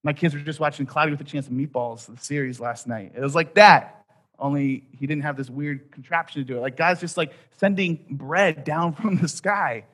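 Man, thirties, pastor, sermon, storytelling, soft dips for emphasis. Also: on the high side, moderate pace. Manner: storytelling, voices quotes, drops soft at key points.

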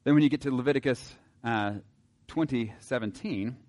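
A man giving a casual, wry Bible teaching to a group, often pausing on filler words and reading passages aloud. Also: medium pitch, a little mellow.

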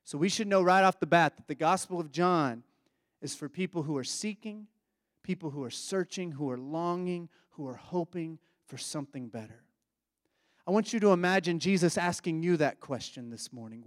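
A man with a high voice delivers a sermon in a relaxed, conversational way. He reflects aloud and keeps putting questions to his listeners. The sound is dry and close, with no room echo. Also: normal speed. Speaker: preacher.

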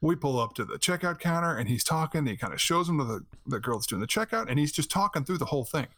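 A man's voice: on the high side, fast, no room sound, clean studio sound. A man in his thirties hosting a podcast, chatting casually and acting out quotes with a laugh. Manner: animated storyteller, laughs often, acts out quotes. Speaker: podcast host. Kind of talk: casual chat.

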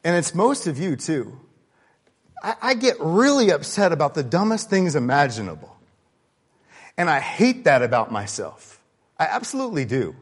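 Candid, animated male preacher. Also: fairly high pitch, normal speed, husky. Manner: conversational, candid, swings between loud emphasis and quiet asides. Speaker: pastor. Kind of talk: sermon.

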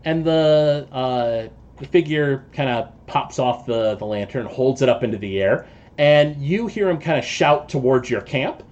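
A man narrating as game master of a tabletop game, halting and full of filler sounds. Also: mid-range voice, animated, darkish tone, lo-fi sound.

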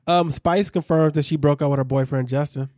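A man's voice: on the high side, steady tone, fairly quick, a little mellow, no echo, studio quality. A man co-hosting a casual gossip chat, reading out celebrity news and joking with frequent laughs. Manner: joking, reads news aloud, laughs often. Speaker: podcast co-host.

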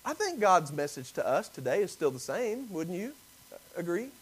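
Male pastor, high and highly expressive voice, dramatic preaching with sudden drops to a hush. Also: moderate pace, breathy edge, low-quality recording. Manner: animated preaching, acting out biblical voices, rising and dropping to near whispers. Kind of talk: sermon.

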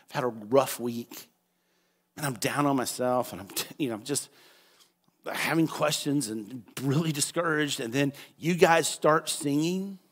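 A male pastor preaching a sermon in a church, animated and acting out voices, at times rising to a shout. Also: a little high. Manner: animated, acts out quoted voices, rises to shouts.

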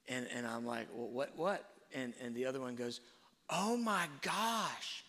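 A man giving a sermon-like talk on faith and parenting, telling stories slowly and reflectively, with fillers and restarts. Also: mid-range voice, vocal fry, fairly bright tone. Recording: long hall reverb.

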